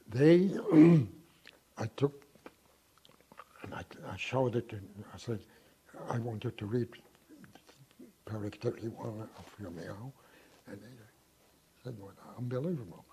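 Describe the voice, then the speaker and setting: A man in his nineties being interviewed, recalling his past in a halting way with repeated words. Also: mid-range voice, mellow. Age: 90s. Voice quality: very husky voice. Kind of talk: oral history interview.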